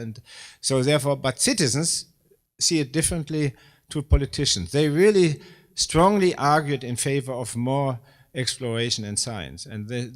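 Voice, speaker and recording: Man in his sixties, German accent, medium pitch, hesitant with fillers, live talk. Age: 60s. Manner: hesitant, many fillers, self-deprecating. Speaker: space agency director. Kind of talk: live public talk with audience questions.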